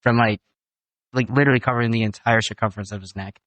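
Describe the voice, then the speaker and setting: Young man telling a lively story. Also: on the low side, fast, no room sound. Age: young adult. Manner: animated storyteller, swears casually. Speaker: guest, son. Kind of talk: casual family podcast chat.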